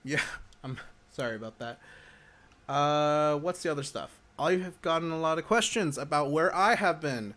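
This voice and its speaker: A man with a somewhat high, lively, slightly bright voice speaks at a moderate pace. He's hosting a laid-back livestream Q&A for a gaming community, chewing gum and wired with energy. He chats and rambles through viewer questions, constantly cutting himself off mid-sentence.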